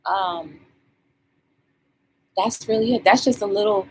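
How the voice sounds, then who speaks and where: A woman's voice: medium pitch, moderate pace, long pauses, slight background noise. A woman hosting a live talk show, chatting casually and colloquially with her viewers. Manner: animated, shouting out viewers by name; colloquial, conversational. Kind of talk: casual live-stream chat.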